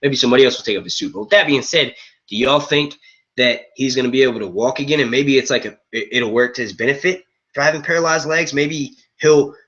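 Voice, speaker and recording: Quick and fairly bright at a medium pitch, a man runs a movie and TV review stream, chatting loosely with viewers. Profane and rambling, he drops "yo" constantly, and the stream audio is dull lo-fi.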